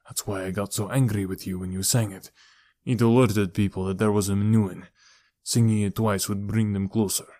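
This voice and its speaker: Male audiobook narrator, low voice, steady, even, dry close recording. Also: normal speed, no echo. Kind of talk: scripted narration.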